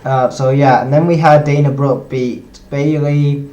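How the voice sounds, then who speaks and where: A man's voice: medium pitch, level tone, unhurried, mellow, highs cut off. A young man casually recapping a wrestling show, rambling and restarting his sentences with lots of ums. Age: young adult. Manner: rambling, repeats himself, frequent "obviously" and "um". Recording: roomy echo.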